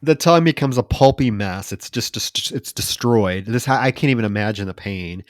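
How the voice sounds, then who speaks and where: A man's voice: on the low side, normal speed, no echo. A man co-hosting a casual film podcast, retelling scenes in a wry, conversational way. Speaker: podcast co-host.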